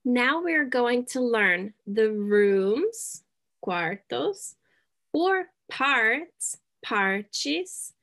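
A woman teaching a beginner English lesson, speaking deliberately, checking in often and dropping in Spanish words. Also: fairly high pitch, animated, a bit bright. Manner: slow, deliberate, checks in with "okay?".

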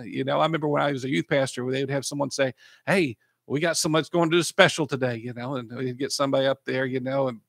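A pastor, a man, preaching and praying on his podcast with a gravelly, slightly raised voice. He gets emotional and keeps breaking into praise. The sound is dry and close. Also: fairly high pitch, a bit bright, dry recording. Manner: emotional, repeats "praise the Lord". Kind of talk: podcast sermon and prayer.

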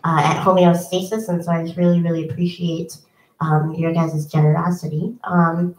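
A woman's voice: on the low side, flat delivery, moderate pace, a little mellow. A young woman musician chatting casually between songs at a home concert, with lots of ums and self-deprecating asides. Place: home, indoors. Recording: echoey room, from a distance.

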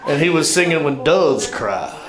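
Southern comedian on an echoey stage. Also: male voice, a little high, expressive, normal speed, background noise. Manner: drawling, self-mocking, builds to punchlines. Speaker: stand-up comedian. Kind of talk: stand-up storytelling. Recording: echoey stage with crowd laughter. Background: audience laughter.

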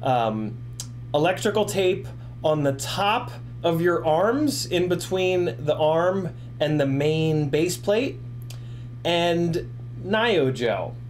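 Tipsy, rambling forties man hosting a casual stream; slightly raised pitch, light background hum. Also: animated, takes it slowly. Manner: rambling, profane, ranting, laughs often. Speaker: FPV drone livestream host. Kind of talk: casual livestream chat.

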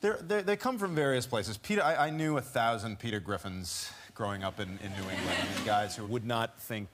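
A man in his forties, a voice actor talking casually as a talk show guest, animated and quick to slip into character voices. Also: on the low side, a little hiss or hum.

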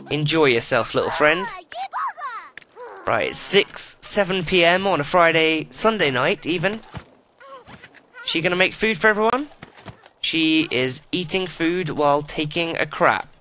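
A man's voice: on the high side, sharp tone, a little hiss or hum. A man giving profane, exasperated running commentary while playing a life-simulation video game. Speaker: let's play host.

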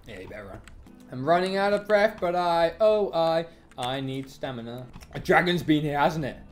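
A streamer giving excitable let's-play commentary, taunting enemies in the game. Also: medium pitch, normal speed, soft background music. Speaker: gaming streamer.

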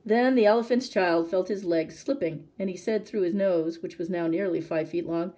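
A woman librarian reading a story aloud for children, expressive and talking straight to her listeners. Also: fairly low pitch, moderate pace, few pauses. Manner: expressive, addresses listener directly.

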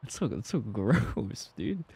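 A man's voice: on the low side, big pitch swings, takes it slowly, vocal fry, warm tone, husky. Jumpy young male gaming streamer. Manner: jumpy, swears and laughs at scares, reads game lines aloud. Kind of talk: horror game let's play commentary.

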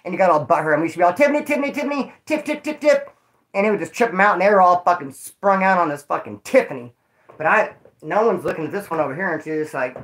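A man's voice: on the high side, a bit bright. Rambling, profane man telling stories. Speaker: vlogger telling prison stories. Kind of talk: casual storytelling to viewers.

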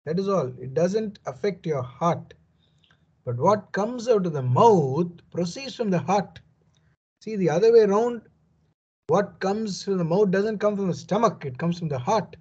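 Earnest husky-voiced man teaching scripture. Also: high-pitched, lively intonation, a little slow, darkish tone, muffled recording. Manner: earnest, emphatic explaining with frequent "you know". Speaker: Bible teacher. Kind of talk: verse-by-verse Bible commentary.

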